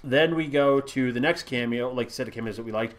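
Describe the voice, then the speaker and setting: A young man in a casual movie review chat, chiming in with quick remarks. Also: medium pitch. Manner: chimes in with quick interjections.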